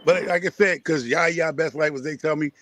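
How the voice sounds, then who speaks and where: Brisk and fairly high-pitched, this man speaks over a noisy background. The Connecticut native chats casually and live about gardening, preachy and repetitive as he urges his audience on.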